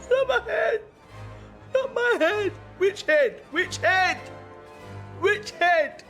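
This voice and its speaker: A woman's voice: animated, normal speed, darkish tone, soft background music, lightly acted. A woman voicing an arrogant king who boasts in street slang. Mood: panicked. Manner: boastful, slangy, drops low. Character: swaggering arrogant king, man.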